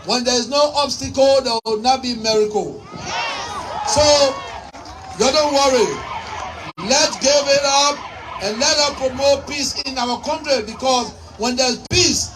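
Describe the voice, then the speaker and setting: A woman with a Liberian English accent giving a fiery campaign speech, shouting and firing off repeated rhetorical questions. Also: high voice, unhurried. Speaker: politician. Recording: distant mic with faint crowd and noise.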